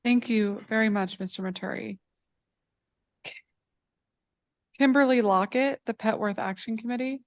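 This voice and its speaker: Polite woman chairing a hearing, higher voice. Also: dry recording. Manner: polite, brisk, calling witnesses.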